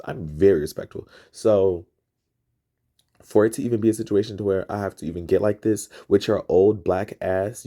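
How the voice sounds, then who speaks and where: A man hosting a podcast, ranting in a profane, emphatic and repetitive way, his pitch jumping up as he gets excited. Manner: rising pitch when excited. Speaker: podcast host. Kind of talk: heated storytelling rant.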